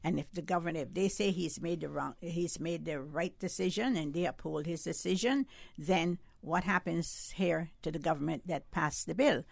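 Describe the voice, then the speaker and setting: An older woman argues her case on a call-in radio show, pushing her words up for emphasis. Her voice has a gravelly rasp to it, and the studio sound is close and dry. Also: on the low side, normal speed, no room sound. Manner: emphatic, argumentative, rising for emphasis. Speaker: guest.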